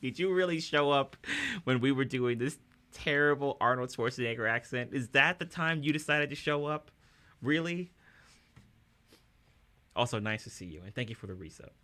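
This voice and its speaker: Bright, chuckling male streamer. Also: mid-range voice. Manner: upbeat, chuckling, chatty with viewers. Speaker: streamer and musician. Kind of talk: casual livestream chat.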